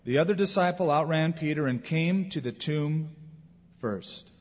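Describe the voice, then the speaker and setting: Male pastor, sermon, husky, higher voice, dynamic delivery, long hall reverb, muffled lo-fi sound. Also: a little slow. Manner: expressive preaching with wide swings in loudness. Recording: dull lo-fi recording in a reverberant hall.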